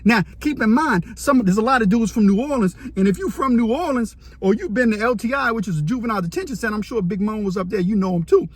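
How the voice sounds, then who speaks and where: A man telling a story about his time in prison, animated and dramatic, acting out what he saw. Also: sits high, fast talker, hardly any pauses, dry recording. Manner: animated, vivid, dramatic retelling. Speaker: storyteller, former inmate. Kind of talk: casual storytelling to camera.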